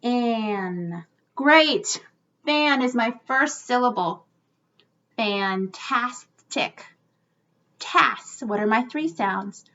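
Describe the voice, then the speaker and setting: Bright-voiced teacher stretching words for children. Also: female voice, a little high, animated, lo-fi sound. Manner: slow, drawn-out sounding of words, encouraging. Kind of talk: online phonics lesson for young children.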